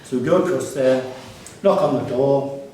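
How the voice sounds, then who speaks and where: A man giving a casual gallery talk as artist and curator wanders through tales of his life, with plenty of fillers and restarts. His voice is medium-pitched and darkish, at a normal pace, with a little hiss or hum, and the mic is distant in the echoey exhibition space.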